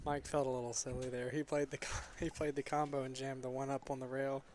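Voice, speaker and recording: A man's voice: medium pitch, little pitch movement, fairly quick, darkish tone, slight background noise. A man giving live pool commentary from a booth, breaking down shots and teasing his co-host. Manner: teasing, analytical, laughs often.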